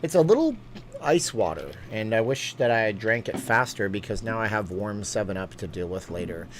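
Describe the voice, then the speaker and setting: With a fairly low, very animated voice, a man rambles chattily through his live stream, jumping between topics with fast asides and laughter. A little hiss or hum sits under the recording.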